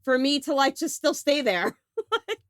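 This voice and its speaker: A woman's voice: high-pitched, lively intonation, moderate pace, dry recording, clean studio sound. A woman in her forties from New York, co-hosting a casual podcast chat, telling stories animatedly, acting out quotes and swearing freely. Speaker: podcast co-host.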